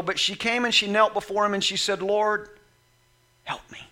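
A man delivering a sermon in a high, sharply bright voice. He reads scripture slowly and quietly. He then acts out the scenes, rising to loud, shouted passages. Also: flat delivery. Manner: acts out Bible scenes in voices, swings from soft reading to shouting. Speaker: pastor.

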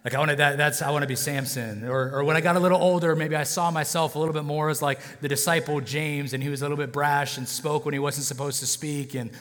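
A man preaching a sermon with a loose, joking delivery, often tossing in "okay?" and "right?" to keep his listeners with him. His voice sits a bit high for a man, and the sound carries the long reverb of a church hall. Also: fairly even intonation, fast talker, few pauses, fairly bright tone. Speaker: pastor.

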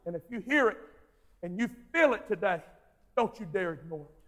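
A man preaching a sermon, repeating phrases for emphasis and swinging between soft, intimate prayer and shouted exhortation. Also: sits high, expressive, fairly quick, big-room sound.

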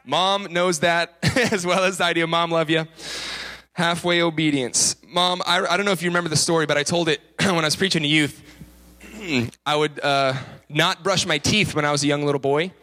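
Chatty young preacher, slightly high voice. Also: male voice, steady tone, normal speed, sharp tone. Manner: chatty, self-mocking, full of asides and laughs. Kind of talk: casual, joking sermon.

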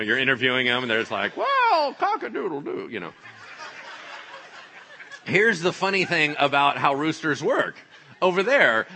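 Man preaching, husky bright voice, lively pitch, jokey, acts out bits. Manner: animated, joking, acts out voices. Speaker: pastor. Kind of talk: sermon.

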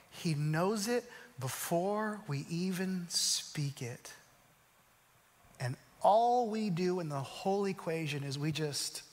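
Guy preaching a sermon, high voice, big echoey hall, goes loud and fast then real slow and quiet. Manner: swings from loud, quick storytelling to slow, hushed emphasis. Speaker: pastor.

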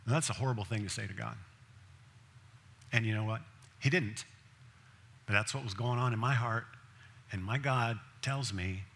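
A man's voice: lowish voice, normal speed, pauses often, sharp tone. A male pastor preaching a sermon in a conversational way, asking the congregation direct questions.

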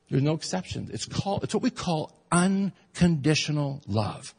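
Husky-voiced male pastor preaching in a hall. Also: high voice, very animated, normal speed, hardly any pauses. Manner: conversational preaching, swelling to emphatic peaks, joking asides to the congregation. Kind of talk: sermon. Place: church sanctuary. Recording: long reverb of a large hall.

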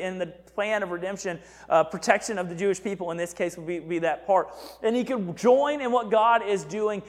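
A man preaching as a pastor in a casual, animated sermon who often checks in with "right?". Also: high voice. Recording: echoey hall reverb.

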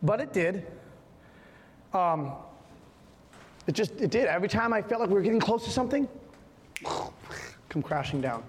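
High-voiced impassioned preacher in a hall. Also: male voice, lively intonation, moderate pace, pauses often, slight background noise. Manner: impassioned preaching with emphatic repetition. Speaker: pastor. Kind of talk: sermon. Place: church sanctuary.

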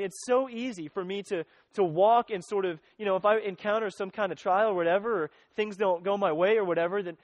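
A man's voice: high-pitched, no room sound. A man preaching a sermon in an earnest, conversational way, often restarting his sentences. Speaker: pastor.

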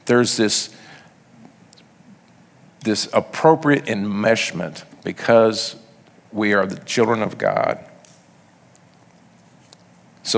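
A man's voice: lowish voice, slow pace, vocal fry, long pauses, big-room sound. A man preaching a sermon, reading scripture aloud and then explaining it in a conversational way. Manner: reads passages then explains them conversationally.

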